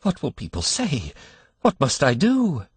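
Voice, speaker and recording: A man's voice: fairly high pitch, wildly swooping pitch, a little slow, slightly rough, no echo, pitched above the performer's own voice, heavily acted. Man doing a frantic, horrified father. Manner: panicked, exclaiming.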